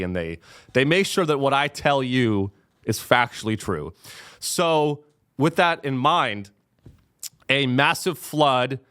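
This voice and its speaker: A man's voice: mid-range voice, a bit bright, smooth. A young man hosting a comedy podcast. He sounds caffeinated and rambles through a profane monologue, full of restarts.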